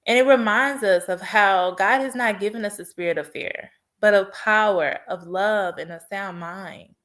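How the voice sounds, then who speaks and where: A woman's voice: medium pitch, normal speed, a bit bright. A woman podcast host telling a personal story in an earnest, heartfelt way and offering faith-based encouragement. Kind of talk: personal testimony monologue.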